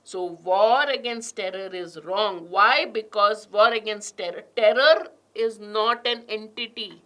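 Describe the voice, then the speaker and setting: A woman's voice: medium pitch, unhurried, a bit bright. A woman teaching an exam prep class online, reading passages aloud with heavy stress on key words and questioning her students.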